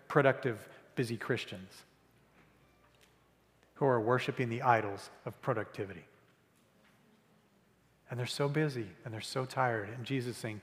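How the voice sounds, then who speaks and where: A man preaching a conversational sermon as pastor, earnest and repeating key phrases for emphasis. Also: mid-range voice. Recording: reverberant church hall.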